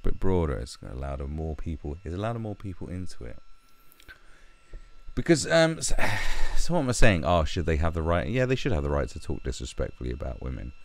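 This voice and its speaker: Guy ranting on his channel, low gravelly voice, swears a lot, bounces all over in pitch. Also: wildly swooping pitch, fairly quick. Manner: rambling, sweary, restarts sentences often. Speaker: YouTube commentator. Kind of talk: ranting commentary.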